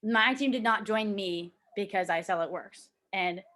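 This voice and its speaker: A woman's voice: mid-range voice, measured pace, pushed and bright. Young woman, casual team coaching talk, chatty, full of "like", plays out quoted voices. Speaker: team leader coaching a sales team. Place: at home with a child nearby.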